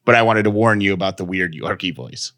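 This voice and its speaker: A man's voice: low voice, fairly quick, fairly bright tone, slight background noise. A man co-hosting a podcast in casual chat, rambling and interrupting himself. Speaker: podcast co-host.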